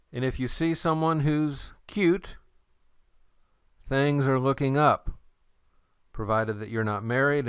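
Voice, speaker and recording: Slow, clear-voiced man teaching. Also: medium pitch, dry recording, studio quality. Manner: slow, patient explaining with playful memory tricks. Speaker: Greek teacher. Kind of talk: recorded lecture.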